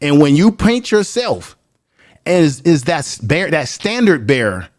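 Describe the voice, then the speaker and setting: A man's voice: a little high, big pitch swings, dry recording, clean studio sound. Emphatic man arguing on a panel. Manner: emphatic, pleads to finish his point, builds his argument slowly. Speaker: panel guest. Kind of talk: heated panel debate.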